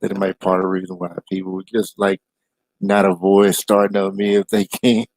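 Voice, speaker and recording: A man in casual chat, relaxed, repeating words as he gets going. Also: deep voice, brisk.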